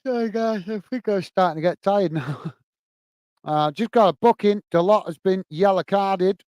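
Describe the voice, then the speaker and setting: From his home in England, a man hosts a live football watch-along, commentating, chatting with viewers and laughing often. His voice sits high and is a little mellow, at a moderate pace with no echo.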